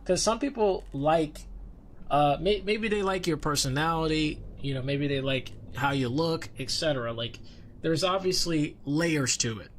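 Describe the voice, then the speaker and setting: On his livestream, a young man performing as a VTuber talks in a rambling, conversational way full of restarts and fillers. His voice is a little high and moderately paced, and there's a little hiss or hum in the audio.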